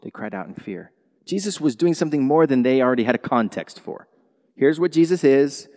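A middle-aged man preaching a sermon as a pastor, talking in an animated way, acting out dialogue and laughing often as he speaks. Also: medium pitch, fairly quick. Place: church hall. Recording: long hall reverb.

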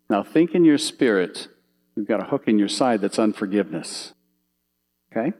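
The recording is rough, and the preacher's voice sits fairly low. Using slides, he tells lively little stories and questions the audience as he goes.

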